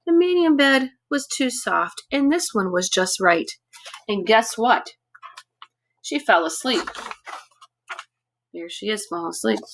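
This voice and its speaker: Slow, lively woman telling a children's story. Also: a little high, slight background noise. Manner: chatty, asks listeners questions. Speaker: storyteller for preschoolers. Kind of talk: reading a children's story aloud.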